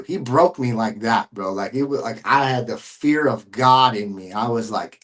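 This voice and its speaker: A man's voice: medium pitch, moderate pace, few pauses, fairly bright tone. A man sharing a personal faith testimony as a podcast guest, earnest and emotional, with casual slang and frequent repeats.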